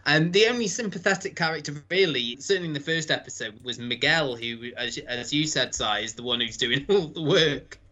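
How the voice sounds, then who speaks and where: A man's voice: on the high side, animated, brisk, hardly any pauses, bright, forceful tone. A man hosting a podcast, chatting casually and rambling through reviews with frequent self-corrections. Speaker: podcast host.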